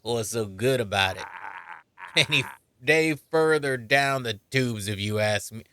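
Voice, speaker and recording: A streamer voicing a bitter, grumpy old townsman in a game, with a put-on Southern drawl and a gruff, grumbling delivery. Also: mid-range voice, a little slow, sharp tone, a little hiss or hum.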